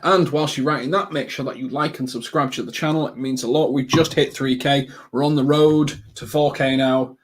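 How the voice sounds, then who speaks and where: Casual and rambling, a mid-range-voiced man talks with viewers while hosting a live football watchalong. Ums crowd his speech, and the action sparks quick bursts of excitement.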